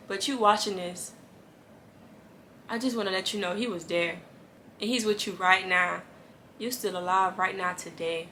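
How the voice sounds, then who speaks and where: A woman's voice: medium pitch, fairly even intonation, moderate pace, pauses often, bright, forceful tone, a little hiss or hum. A woman giving an earnest, casual devotional talk to camera, encouraging viewers and repeating lines for emphasis. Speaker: Christian faith vlogger.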